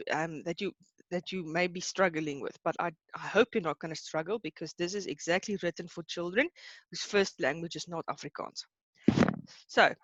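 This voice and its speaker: A woman's voice: on the low side, a bit bright, dry recording, dull audio. Encouraging woman teacher on a video call. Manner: patient, encouraging, laughs easily. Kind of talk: online lesson.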